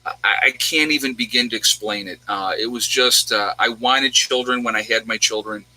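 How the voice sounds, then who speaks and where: A man's voice: mid-range voice, normal speed, bright, forceful tone, no echo, poor audio. A middle-aged man, the host, telling a personal story in a rambling, emotional way, fighting back tears and laughing. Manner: rambling, repeats himself, gets teary and laughs.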